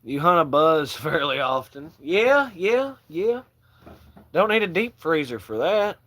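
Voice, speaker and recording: A man hosting a casual livestream, joking loosely and swearing as he shouts out viewers by name and reads out their comments. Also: fairly high pitch, lively intonation, moderate pace. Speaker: livestream host.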